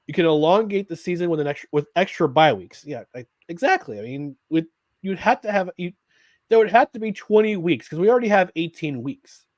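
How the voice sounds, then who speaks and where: A man's voice: sits high, lively intonation, fairly quick, no room sound. A man co-hosting a live sports talk show, rambling with restarts and reading viewer comments aloud. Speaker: podcast co-host.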